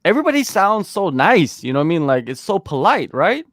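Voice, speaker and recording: A man hosting a casual sports talk chat, emphatic and animated, often tossing in "man". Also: sits high, a little fast, no echo, studio quality. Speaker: host.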